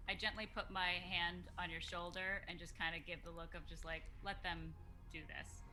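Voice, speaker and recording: A woman playing a tabletop game, speaking softly, as if in an aside. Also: on the low side, little pitch movement, brisk, faint music behind. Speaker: player. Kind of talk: tabletop role-play.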